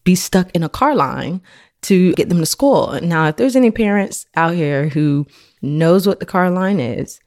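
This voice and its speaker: A woman's voice: lowish voice, animated, unhurried, a little mellow. A woman in her thirties, a podcast host, telling a personal faith story in an earnest, conversational way.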